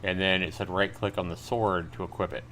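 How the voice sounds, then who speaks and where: Over a faint background hiss, a man plays a game live and narrates it, reading on-screen text aloud and adding casual exclamations and remarks for viewers. His voice is fairly low, steady and fairly bright, moving a little fast.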